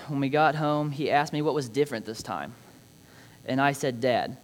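A young man gives a prepared personal speech about his father, reading scripture in an earnest, reflective way with touches of light humor. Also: mid-range voice. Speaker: speaker honoring his father.

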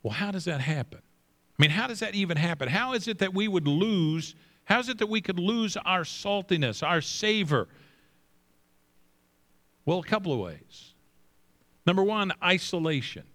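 A middle-aged male pastor preaching with emphasis, slowing down and repeating phrases, dropping his voice low for scripture. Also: lively intonation, sharp tone. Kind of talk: sermon.

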